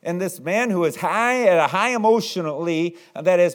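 Animated preaching man. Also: sits high, normal speed, hardly any pauses, smooth. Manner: animated preaching, acts out pleading voices. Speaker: pastor. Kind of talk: sermon.

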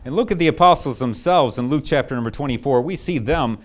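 A man preaching a sermon as pastor, swinging between loud, excited bursts and hushed, low asides. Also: quick pace.

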